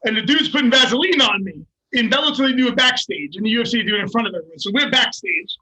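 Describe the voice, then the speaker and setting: An older man tells a story with animated, profane energy. His voice sits high and bright, with a husky edge to it. He talks in loose, chatty bursts. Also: fast talker, low-quality recording. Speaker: guest fighter. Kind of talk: casual storytelling.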